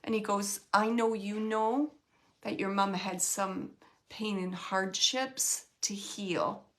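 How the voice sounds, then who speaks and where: A woman giving a live mediumship reading, relaying messages in a halting, emotional way and often searching for words. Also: medium pitch, fairly even intonation, fairly bright tone. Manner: emotional, close to tears at times.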